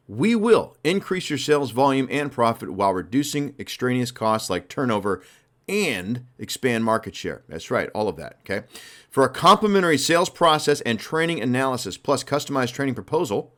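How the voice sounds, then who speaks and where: Man, motivational podcast host, emphatic, conversational, mid-pitched voice. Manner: energetic, emphatic, conversational, uses "literally" and "like". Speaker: sales coach and podcast host.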